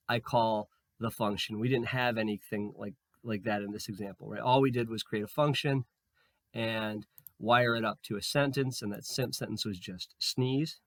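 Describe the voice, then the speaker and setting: Guy a bit hoarse doing a coding tutorial, chill, lots of ums, dry close mic. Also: medium pitch, no echo. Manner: relaxed, thinking aloud with fillers and restarts. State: slightly hoarse, losing his voice. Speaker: programming tutor. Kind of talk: screen-recorded coding tutorial.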